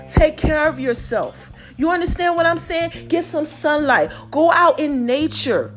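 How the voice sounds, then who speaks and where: A woman's voice: high-pitched, lively intonation, a little slow, hardly any pauses, faint music behind. A middle-aged woman, hosting her own podcast as a passionate, preachy motivational monologue addressed straight to listeners. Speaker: podcast host.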